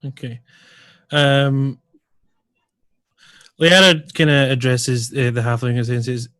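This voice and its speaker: A man's voice: medium pitch, flat delivery, slow, pauses often, fairly bright tone, no echo. A man playing in a tabletop role-playing game, describing his character in a hesitant way. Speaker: player.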